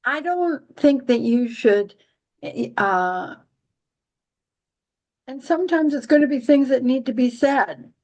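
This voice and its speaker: A woman with a fairly high voice talks through astrology in a loose, rambling way. She stumbles and restarts often, slipping in dry jokes and little giggles as she goes. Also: expressive, darkish tone, highs cut off. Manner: rambling, halting with many restarts. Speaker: astrology podcast host. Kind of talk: casual astrology chat.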